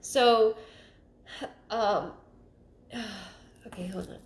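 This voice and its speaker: A woman giving a live psychic reading, thinking aloud in halting, repeated phrases and sounding stuffed up. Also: mid-range voice, fairly even intonation, slight background noise. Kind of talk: livestream reading. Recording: roomy echo.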